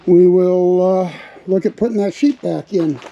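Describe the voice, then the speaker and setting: Man with a fairly high voice, casual how-to narration, practical step-by-step talk, faint noise behind. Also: normal speed, vocal fry, dark tone, dull audio. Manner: practical, talks through each step of the job. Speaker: vlogger working on his RV. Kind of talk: casual work narration to camera. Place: workshop area around a vehicle frame.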